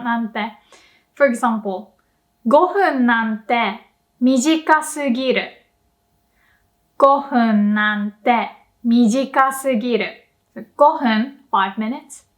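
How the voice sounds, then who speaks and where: A young woman with a fairly high voice explains things in a relaxed video lesson. She laughs often and keeps the tone playful. Now and then she slips into short acted lines to show the feeling behind her examples. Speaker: language teacher.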